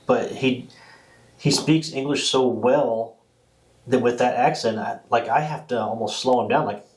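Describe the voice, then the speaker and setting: A man hosting a podcast, talking casually in a rambling, animated way. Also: mid-range voice, unhurried, poor audio. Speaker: podcast host. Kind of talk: casual chat.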